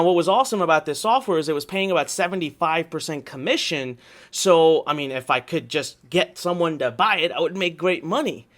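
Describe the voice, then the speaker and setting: A man teaching an online marketing workshop, telling his story in an energetic, salesy way and checking in with "okay?" again and again. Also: high-pitched. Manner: animated, repetitive, salesy storytelling with many "okay?"s.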